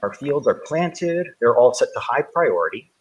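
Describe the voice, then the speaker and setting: A man's voice: medium pitch, sing-song, moderate pace, slightly rough, poor audio. A man live-streaming a game, chatting casually and greeting viewers, rambling and correcting himself as he goes. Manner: rambling, with frequent self-corrections; friendly, greets viewers by name. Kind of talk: casual live-stream chat while playing.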